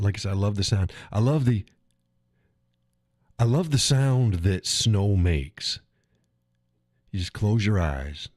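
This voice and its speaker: A middle-aged man with a very low voice talks casually to his live stream audience. He rambles, restarts phrases and chuckles often. The sound is dry and close, with no room echo. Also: darkish tone. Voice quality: chuckles often while talking. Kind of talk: casual solo chat.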